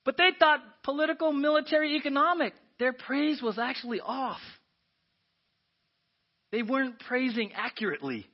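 A man preaching a sermon as pastor, animated and often asking the congregation "right?". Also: extremely high pitch, moderate pace. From United States. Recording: dull lo-fi church audio.

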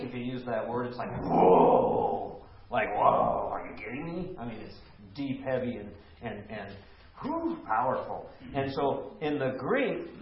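Animated man leading a Bible study. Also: mid-range voice. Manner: animated, emphatic, asks the group questions. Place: room with a small group. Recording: echoey room, lo-fi.

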